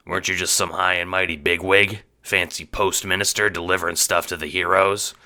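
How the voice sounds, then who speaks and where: A man voicing a gruff, loud exiled male ex-lawman in a fan audio drama, blustering and brash. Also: sits low, little pitch movement, a little fast.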